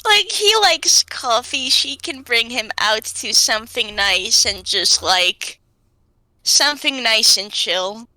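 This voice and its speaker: A woman's voice: on the high side, expressive, slow pace, sharp tone, no room sound. A woman chatting casually as a player in a tabletop game, easygoing and rambling. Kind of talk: casual chat between players.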